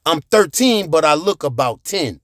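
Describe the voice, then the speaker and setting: A man telling a profane childhood story, animated, with sound effects and shouted reenactments. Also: fairly high pitch, moderate pace, dry recording, clean studio sound. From United States.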